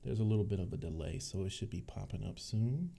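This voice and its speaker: Over slight background noise, a tech channel host from Cleveland, Ohio talks fast with vocal fry in a casual livestream. He's easygoing, chatty and quick to laugh, his low, mellow voice deep and bassy through a desk mic.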